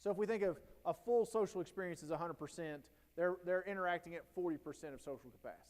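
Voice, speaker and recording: A man's voice: sits high, fast, darkish tone, in a large hall. A man giving a conversational, anecdote-driven talk at a teacher training day. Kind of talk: storytelling professional development talk. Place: school auditorium or hall.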